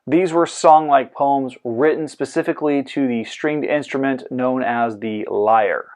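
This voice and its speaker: A man hosting a scripted educational podcast about poetry, lecturing clearly and dropping in goofy comic asides. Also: medium pitch, measured pace, darkish tone. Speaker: host.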